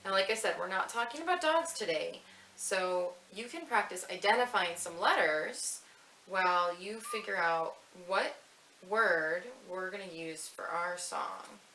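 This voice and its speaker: Woman, library story time leader, bright sing-song voice, echoey room. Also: fairly low pitch. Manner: sing-song, reads rhymes slowly and quickly to match the words. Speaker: children's librarian. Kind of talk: family story time with rhymes and finger plays. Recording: echoey room with faint hiss.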